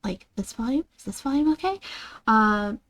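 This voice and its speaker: A woman's voice: fairly high pitch, animated, moderate pace, a bit bright. A woman streaming a game, chatting casually with her viewers in a playfully dramatic way, sometimes dropping into a half-whisper. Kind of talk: casual live-stream chat while gaming.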